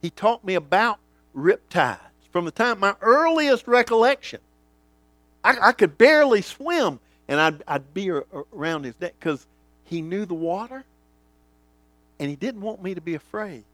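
A male pastor preaching a sermon, swinging from booming lines to hushed ones and acting out the voices he quotes. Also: very animated, normal speed, dry recording.

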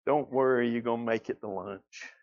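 A man's voice: mid-range voice, moderate pace. A man from South Georgia with a Southern accent, preaching a sermon as pastor and building to emphatic repetition. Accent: Southern American (Georgia). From South Georgia, USA. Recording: dull lo-fi sound.

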